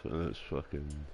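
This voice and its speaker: A man's voice: low-pitched, creaky, darkish tone, slight background noise. A young man, chatting casually and rambling with lots of fillers and swearing while he plays a game. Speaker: gaming streamer. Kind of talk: casual chat while gaming.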